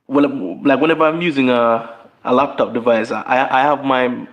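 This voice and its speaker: A man with a Jamaican accent in a casual podcast chat, halting and repeating words, laughing easily. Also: mid-range voice, fairly even intonation, lo-fi sound.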